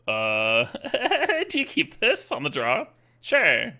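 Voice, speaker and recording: Talking slowly through his card game plays on stream, this man swears casually, laughs a lot, and thinks out loud. His fairly high voice swoops wildly in pitch and sounds pushed and bright.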